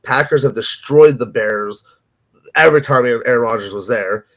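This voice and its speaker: A man co-hosting a casual sports betting podcast. He rambles through his picks, hedging and restarting his sentences with plenty of ums. His voice sits at an ordinary pitch. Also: normal speed, a bit bright. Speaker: podcast co-host.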